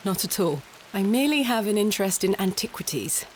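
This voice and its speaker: A woman's voice: mid-range voice, expressive, brisk, slight background noise, lightly acted. An actress voicing a reserved, determined young woman archaeologist who speaks formally and politely. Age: young adult. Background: loud game music and rain.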